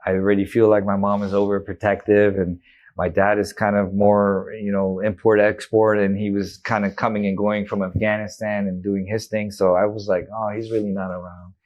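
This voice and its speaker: A man's voice: on the low side, flat delivery, normal speed, darkish tone, muffled recording. A man in his thirties, a guest in an interview, candidly retelling a personal story with emotion and quoted dialogue.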